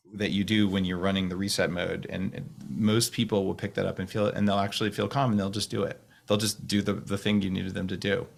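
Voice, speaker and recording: A man talking fast and rambling to a group on a call, with many restarts. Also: lowish voice, vocal fry. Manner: fast talker with restarts, slows voice to demonstrate calm. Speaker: guest speaker on a video call.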